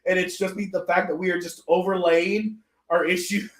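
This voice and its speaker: A man's voice: high voice, fairly even intonation, normal speed, heavy background noise. A man co-hosting a casual livestream chat, telling rambling, profane, self-mocking stories. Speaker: podcast co-host. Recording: echoey room.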